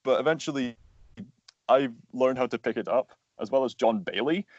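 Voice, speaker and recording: An earnest man, a voice actor and animator, explains his craft at length in a casual interview, his thoughts full of fillers. His voice sits at a middle pitch. The sound is dull and lo-fi, close and dry with no room around it. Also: normal speed, dry recording.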